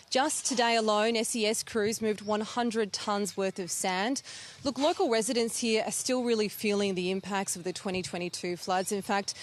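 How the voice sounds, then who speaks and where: A woman's voice: mid-range voice, slight background noise. An Australian woman reporting live from an outdoor site, earnest and conversational. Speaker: field reporter. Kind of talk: live cross from the field.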